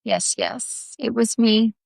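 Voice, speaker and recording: A remorseful woman confesses through tears, as a woman puts her on in a guided visualization. The apology comes halting and sobbing, slow and with a gravelly edge. The sound is dry and close. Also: fairly high pitch, fairly even intonation, darkish tone, no echo, exaggerated voice. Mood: tearful, remorseful. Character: tearful remorseful woman confessing, pleading to change. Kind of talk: guided visualization role-play.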